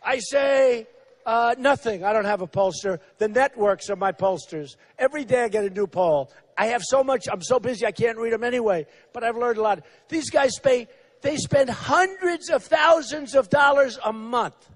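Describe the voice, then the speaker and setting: A man's voice: extremely high pitch, moderate pace. A man in his sixties giving a rambling, repetitive campaign rally speech, acting out quotes of others in a mocking tone. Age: 60s. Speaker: political candidate.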